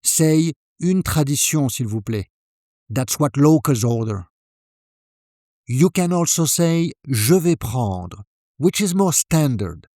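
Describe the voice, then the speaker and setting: A man calmly narrating a scripted language lesson, demonstrating French phrases with deliberate delivery. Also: on the high side, no echo, studio quality.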